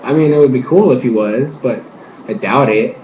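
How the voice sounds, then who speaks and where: A young man giving an excited, casual recap of a show episode, full of fillers and sudden high squeals as he quotes the characters. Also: moderate pace, echoey room, highs cut off, a little hiss or hum. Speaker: episode reviewer.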